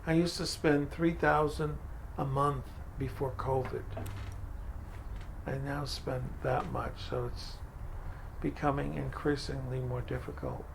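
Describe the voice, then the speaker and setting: A man's voice: mid-range voice, level tone, unhurried, gravelly, slight background noise. An older man telling his story in an oral history interview, acting out the voices in his dialogues. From Franco-American, from Maine. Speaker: food pantry director.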